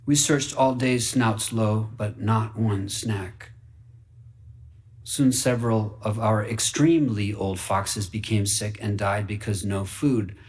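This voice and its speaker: A man reading a fable aloud for radio in an earnest, wide-eyed way, dropping to hushed whispers and rising into excited bursts. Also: on the low side, takes it slowly. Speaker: story reader.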